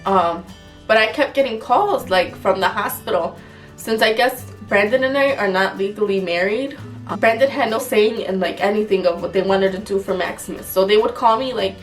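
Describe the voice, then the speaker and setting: A woman's voice: mid-range voice, fairly quick, recorded from a distance, faint music behind. A young woman vlogger telling an emotional personal story in a casual, frank way, full of fillers and the odd swear word.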